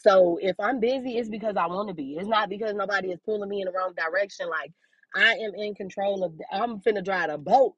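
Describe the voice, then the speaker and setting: A young woman hosting a casual monologue podcast, blunt, sassy and quick to curse, laughing often. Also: medium pitch, slightly rough, dry recording, rough recording. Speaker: podcast host giving a life update.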